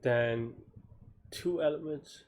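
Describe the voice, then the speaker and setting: A tired, yawning man working through a coding problem live, thinking aloud in halting, self-questioning phrases with many restarts. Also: fairly high pitch, a little mellow.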